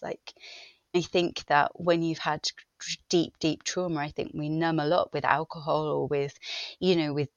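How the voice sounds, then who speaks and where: A woman guest talking through grief in an interview, halting and searching for words, often emotional. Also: low voice, flat delivery, creaky, dry recording, dull audio.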